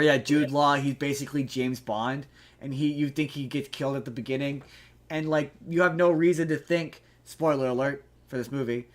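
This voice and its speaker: A man hosting a podcast in a casual chat, rambling and animated, with frequent restarts and freely dropped swear words. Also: fairly high pitch. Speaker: podcast host.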